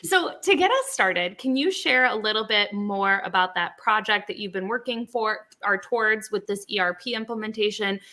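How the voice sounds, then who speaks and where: A woman hosting an interview podcast, speaking in an enthusiastic, excitable way as she introduces her guest. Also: medium pitch, normal speed, few pauses. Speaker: podcast host. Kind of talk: conversational interview.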